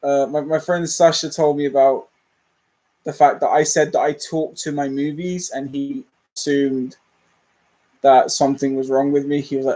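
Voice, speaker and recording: A man's voice: mid-range voice, flat delivery, moderate pace, dark tone, poor audio. A young man, rambling candidly and self-deprecatingly as a movie channel host in a casual livestream chat.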